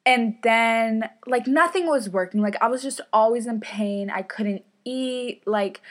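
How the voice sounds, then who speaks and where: A young woman hosts a casual solo podcast, telling stories in a fairly high voice at a slow pace. She's rambling, chatty and self-deprecating, saying "like" and "um" a lot, into a podcast mic on a stand.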